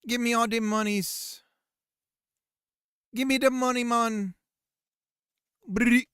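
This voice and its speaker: A man's voice: extremely high pitch, steady tone, slow, a bit bright, clean tone, no room sound, clean studio sound, voice pushed up, heavily acted. A man putting on a greedy scammer with a fake Jamaican accent. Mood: wheedling. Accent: put-on Jamaican accent. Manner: mocking, sing-song caricature. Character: scheming male phone scammer, pushy and greedy.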